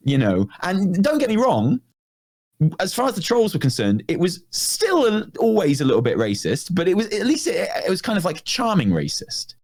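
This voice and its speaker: A man's voice: high-pitched, huge pitch swings, normal speed, darkish tone. A man co-hosting a podcast, chatting casually and jokingly, rambling with lots of fillers. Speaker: podcast co-host. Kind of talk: casual chat.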